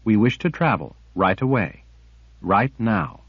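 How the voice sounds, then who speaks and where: A man's voice: on the low side, animated, measured pace, slightly rough, dry recording. A man voicing a determined female sorceress who pleads urgently while trying to sound reasonable, in a storybook reading. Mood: firm. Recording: dull lo-fi audiobook recording.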